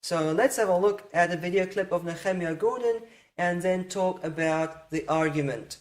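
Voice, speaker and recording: A teacher giving a methodical lesson on Hebrew pronunciation, slowing down to sound out each word. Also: mid-range voice. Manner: patient, methodical, slows down to sound out words. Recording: roomy echo.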